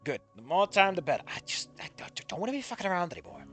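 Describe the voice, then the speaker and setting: Male fic reader, high and lively, irreverent comedic commentary between passages. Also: faint music behind. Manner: animated, swears freely, quick to laugh at the text. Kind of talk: dramatic reading with comedic asides.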